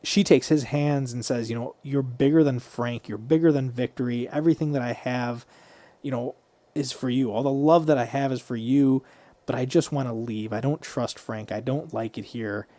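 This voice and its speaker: A man's voice: mid-range voice, steady tone, moderate pace, mellow, no echo. A man co-hosting a podcast, casually retelling a movie scene by scene and swearing freely. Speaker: podcast co-host.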